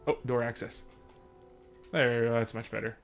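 A man's voice: mid-range voice, steady tone, normal speed, creaky, soft background music. A young man, commenting on a horror game he is playing, joking around and swearing when he gets scared. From Sudbury, Canada. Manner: jokey, swears, panics and yelps when scared. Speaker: let's play host.

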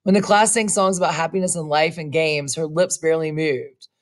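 Expressive woman reading a story aloud. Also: low voice. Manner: slow, expressive storytelling with casual asides. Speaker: reader.

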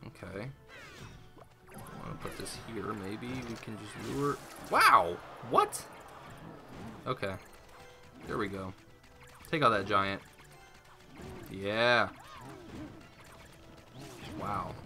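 Young guy rambling over his game, bright lively voice, bit of music under it. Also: medium pitch, slow pace, pauses often. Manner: rambling, self-mocking, excitable. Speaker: gaming YouTuber. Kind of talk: live gameplay commentary.

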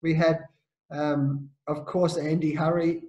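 A high-voiced Australian man spins a yarn as an interview guest. He is lively and blokey and slips into the voices of the people in his story. The sound is roomy and echoey. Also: slow, dull audio. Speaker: interview guest, former captain. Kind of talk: animated anecdotal storytelling.

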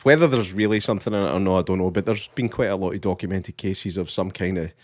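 A man with a Scottish accent, co-hosting a casual podcast, relaxed and hesitant, with dry humour. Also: sits low, fast. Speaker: podcast co-host.

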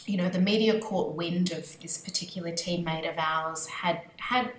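A woman's voice: lowish voice, moderate pace. Australian woman, echoey room. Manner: earnest, thoughtful, speaks from personal experience. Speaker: guest, leadership coach. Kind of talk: reflective interview talk. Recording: roomy echo with faint ambient noise.

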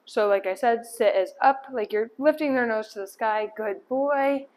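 In an indoor room, a woman dog trainer explains each step while giving a dog short commands and praise, with upbeat praise and firm cues. Her voice is on the high side with a darkish tone, at normal speed.

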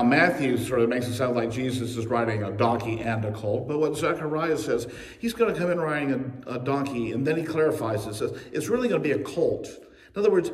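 Male pastor, mid-pitched, preaching with lively storytelling; reverberant church sound from afar. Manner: storytelling, humorous asides, acts out quotes. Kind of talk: sermon. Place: church sanctuary. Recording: echoey church recorded from a distance.

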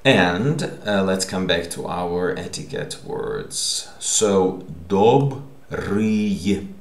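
A man's voice: sits low, slow pace. A man teaching a language lesson, patiently explaining each point and often checking in with "okay?". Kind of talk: recorded online language lesson. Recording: echoey room.

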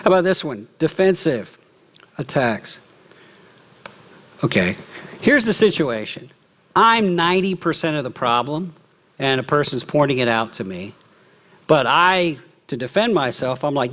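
A middle-aged man preaching a sermon as lead pastor, lively, often acting out quoted remarks. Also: on the high side, a little slow, long pauses. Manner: animated, acts out quoted speech. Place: church.

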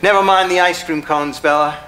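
A man's voice: a little high, fairly even intonation, fairly quick, sharp tone, a little hiss or hum, rough recording. A man playing a wounded grown son. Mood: pained. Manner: earnest and pained. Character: grown son, weary and wounded but resolute. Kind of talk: community theater stage acting. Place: theater stage.

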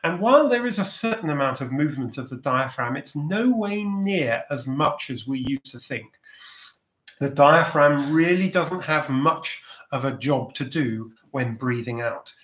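A man leading a choir's vocal warm-up over a video call, giving gentle, encouraging instructions. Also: on the high side, animated, unhurried, reverberant.

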